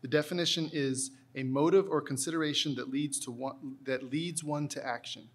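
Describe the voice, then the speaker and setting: Measured man pronouncing spelling words. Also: fairly high pitch, steady tone. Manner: measured, careful enunciation. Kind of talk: reading words and definitions aloud.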